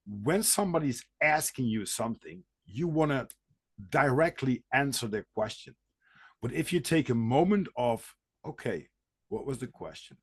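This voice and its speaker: A podcast host with as a talks through his ideas in a relaxed, conversational way. His voice sits mid-range, and it is recorded dry and close. He breaks into playful sound effects to act out his points. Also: medium pitch, slightly rough, dry recording. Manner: animated, acts out little scenes with mimicked sounds. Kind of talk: casual conversation.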